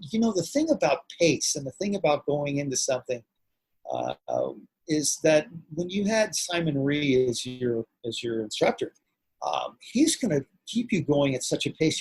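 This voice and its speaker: A middle-aged man, a martial arts grand master and actor, telling stories in an animated, rambling way as an interview guest. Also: fairly high pitch, slightly rough, no room sound, poor audio. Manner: animated, rambling, swings loud and soft. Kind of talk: casual storytelling interview.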